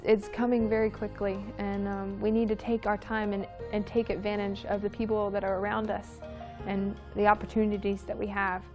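A woman recounts a personal testimony in a soft, halting voice full of pauses. Her pitch stays flat and even throughout, and faint music plays underneath her. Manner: soft, halting, many fillers. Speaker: guest sharing a dream.

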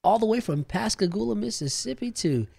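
A man hosting a Christian radio and TV talk show, telling stories in a lively, laughing way. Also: high-pitched, a little fast, gravelly, no echo. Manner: animated, laughing storyteller. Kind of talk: casual studio chat.

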